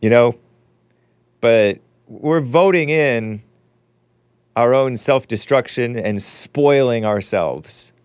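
A male show host talks casually in a mid-pitched voice, rambling and mocking as he gives his opinions. The sound is close and dry, with no room around it. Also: animated, slow, long pauses, smooth, no room sound. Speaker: podcast host. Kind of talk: casual call-in and monologue.

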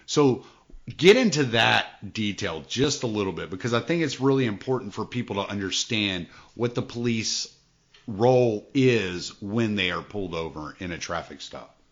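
A podcast host with a somewhat low voice eases into his questions, pausing and halting as he goes. The recording sounds dull and lo-fi. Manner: relaxed, halting questions with fillers. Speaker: podcast host interviewing a guest. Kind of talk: casual interview.

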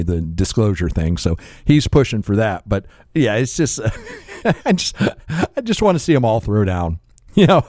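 A man co-hosting a casual podcast, talking in a deadpan, sardonic way and chuckling at his own jokes. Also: on the low side, no echo, studio quality. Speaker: podcast co-host. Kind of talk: casual chat.

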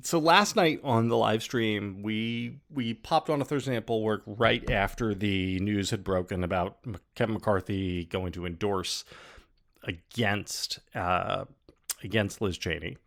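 Male podcast host, gravelly voice, jokey and rambling, fillers throughout. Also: fairly low pitch, unhurried, a bit bright. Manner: joking, rambling with many fillers. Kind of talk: casual chat.

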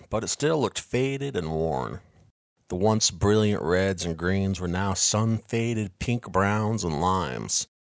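A man reading a first-person story aloud in a measured, quiet, reflective way. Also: sits low, creaky, no room sound, studio quality. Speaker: narrator.

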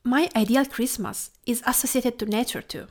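A woman from Tuscany with an Italian accent, hosting a podcast in a gentle, lyrical, measured reading style. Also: on the high side, steady tone. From Tuscany, Italy. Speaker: podcast host and food writer. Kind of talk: scripted reflective narration.

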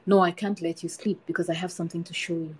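A woman's voice: fairly low pitch, flat delivery, fast talker, slightly rough, low-quality recording. A woman voicing a murderous old man in the woods in a folktale reading, insistent and pressing as she reads his lines.

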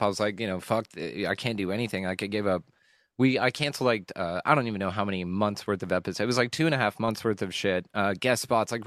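A man hosting a podcast, talking candidly and emotionally about a hard stretch, rambling and swearing with frequent halting restarts. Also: on the low side, dry recording, studio quality. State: emotional at times. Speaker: podcast host. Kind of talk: candid personal monologue.

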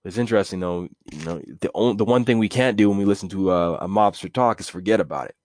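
A man's voice: sits low, quick pace, a little mellow, no room sound, clean studio sound. A man hosting a casual solo podcast, rambling and correcting himself as he talks. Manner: rambling, self-correcting, with chuckles. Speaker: podcast host.

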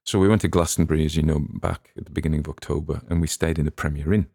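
Deep gravelly Englishman musing casually. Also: steady tone, very fast, warm tone, dry recording, studio quality. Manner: chatty, musing, with many restarts. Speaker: podcast host. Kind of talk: casual rambling commentary.

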